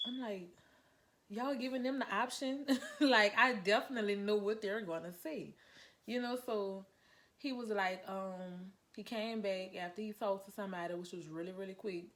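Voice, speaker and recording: A woman from Louisiana, telling a personal story to her viewers in a casual storytime vlog, animated and chatty, calling them "y'all". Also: mid-range voice, normal speed. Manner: animated, addresses viewers as "y'all", acts out her own lines.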